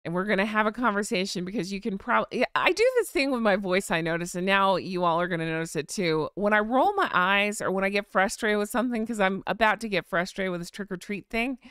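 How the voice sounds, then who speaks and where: A woman's voice: mid-range voice, quick pace, few pauses, fairly bright tone, clean tone, no room sound, studio quality. An American woman hosting a live chat, chatting casually, reading viewer comments and sighing with vocal eye rolls. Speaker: live stream host.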